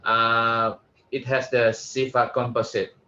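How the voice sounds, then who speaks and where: Slow, tentative man repeating words. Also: medium pitch, little pitch movement, sharp tone. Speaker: language student. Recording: dull lo-fi sound.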